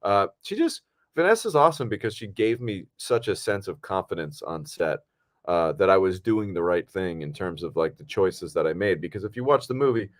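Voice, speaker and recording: A man with a fairly low voice talks through a movie in relaxed, rambling podcast chat. He circles his points with lots of fillers and restarts, easygoing and unhurried. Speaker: podcast co-host and actor. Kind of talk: casual film podcast chat.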